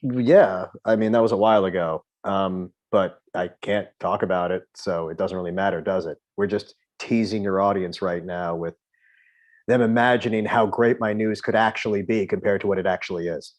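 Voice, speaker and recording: A man, a comedy-writer guest, talking in a sarcastic, offhand, low-key way in casual chat. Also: fairly even intonation, normal speed.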